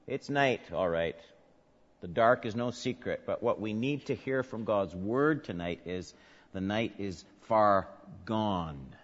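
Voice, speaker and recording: A male pastor preaching a sermon, swinging from soft, low murmurs to loud, emphatic peaks. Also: expressive, slow pace. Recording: dull sound with long hall reverb.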